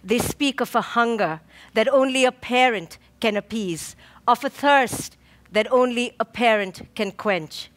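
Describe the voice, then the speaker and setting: A woman clinical psychologist giving an inspirational talk, slow and emphatic, with rhythmic lists and dramatic pauses. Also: fairly high pitch.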